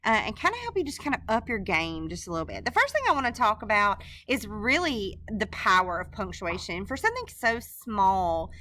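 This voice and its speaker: A woman's voice: mid-range voice, big pitch swings, brisk, few pauses, pushed and bright. A woman teacher talking through a recorded screencast lesson in a casual, informal way, with frequent fillers and restarts.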